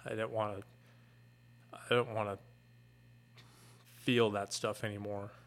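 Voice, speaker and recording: A middle-aged man, a fire captain, earnestly retelling a painful personal story in a candid, halting way. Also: lowish voice, flat delivery, fairly bright tone.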